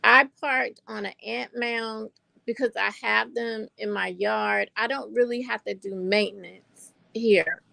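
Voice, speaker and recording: A woman's voice: on the high side, fairly even intonation, unhurried, vocal fry, sharp tone, no echo. An older woman with a North Carolina Southern accent, chatting to viewers as a vlogger and telling a story, calling them y'all. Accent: North Carolina Southern American. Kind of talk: casual chat to camera.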